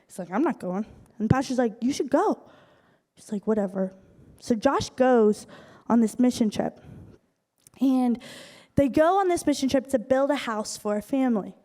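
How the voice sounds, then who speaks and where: Woman preaching a story, kinda high but mellow voice, big hall echo. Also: moderate pace. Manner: earnest, acts out quoted lines. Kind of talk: sermon storytelling. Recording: long reverb of a large hall.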